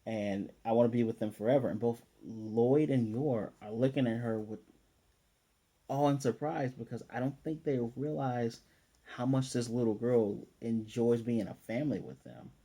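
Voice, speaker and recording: A man's voice: medium pitch, unhurried, dark tone, slightly rough. A man casually recapping an anime episode, acting out the characters' lines as he retells the scenes. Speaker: anime reviewer.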